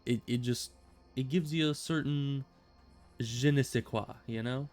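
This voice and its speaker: A man's voice: medium pitch, unhurried, darkish tone, faint music behind. A man streaming a video game, chatting casually and rambling with self-amused asides. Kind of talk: casual gameplay commentary.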